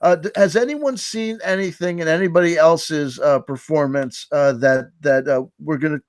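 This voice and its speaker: A man's voice: on the high side, moderate pace, no echo, studio quality. A man hosting a live stream, giving a mock-earnest, sarcastic lecture and often repeating his words. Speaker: host running a mock workshop.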